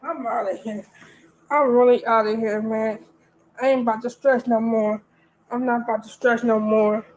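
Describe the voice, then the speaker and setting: A woman's voice: a little high, steady tone, moderate pace, darkish tone, slight background noise, rough recording. A woman ranting on a livestream, defiant and repeating herself. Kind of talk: livestream rant.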